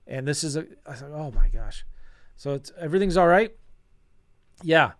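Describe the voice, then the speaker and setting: A middle-aged man talking casually as a real estate coach, telling a story and acting out old conversations with a self-deprecating, animated manner. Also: a little high, a little fast. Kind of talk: casual storytelling to an online audience.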